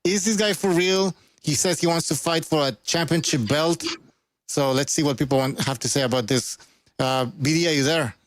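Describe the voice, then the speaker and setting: A man's voice: on the high side, moderate pace, no room sound. A man co-hosting a live podcast, chatting loosely and calling out names from the chat. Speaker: podcast co-host. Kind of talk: casual live-stream podcast intro.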